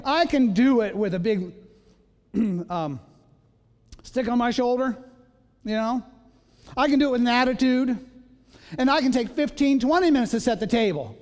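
A male pastor preaches in a light, high voice, telling homely stories and slipping into playful voices with a self-mocking humor. His words ring out in a large church with a long, trailing reverb. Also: a little mellow. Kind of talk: sermon. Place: church sanctuary.

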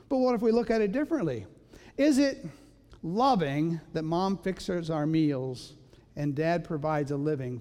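A man's voice: high voice, darkish tone. A man preaching a sermon in a church, telling stories and acting out voices with self-mocking humor. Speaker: pastor. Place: church sanctuary. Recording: long reverb of a large hall.

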